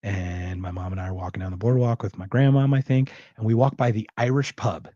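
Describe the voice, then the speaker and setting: A man's voice: fairly low pitch, brisk, dark tone, no room sound, dull audio. A man hosting a podcast, ranting and joking in casual, profane chat. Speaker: podcast host.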